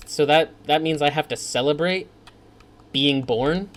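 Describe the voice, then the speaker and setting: A man's voice: on the high side, fairly quick. A man giving gameplay commentary, ranting in a profane, sarcastic way. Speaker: let's play host.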